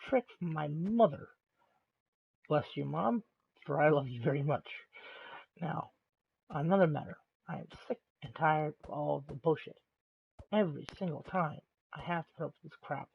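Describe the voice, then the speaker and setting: A man streaming live, delivering an angry rant in a deliberately calm, measured voice with halting pauses. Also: fairly high pitch, creaky, slightly rough. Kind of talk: ranting monologue on a live stream. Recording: tinny, phone-like lo-fi sound.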